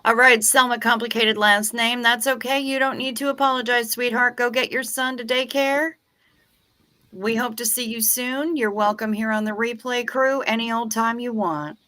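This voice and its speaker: A woman's voice: fairly high pitch, steady tone, normal speed, bright, forceful tone. A woman co-hosting a casual livestream, chatting along and reading out viewer comments in a friendly way. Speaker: livestream co-host. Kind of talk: casual chat.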